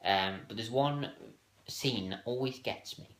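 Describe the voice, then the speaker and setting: A man's voice: medium pitch, unhurried, fairly bright tone. A man hosting a casual countdown video, talking hesitantly with many fillers and restarts. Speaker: video host ranking TV moments. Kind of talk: casual solo countdown talk. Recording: echoey room.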